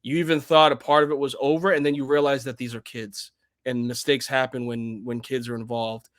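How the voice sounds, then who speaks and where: A young man co-hosting a casual sports podcast from home, animated and rambling, jumping into excited outbursts. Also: medium pitch, brisk. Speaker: podcast co-host. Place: home room.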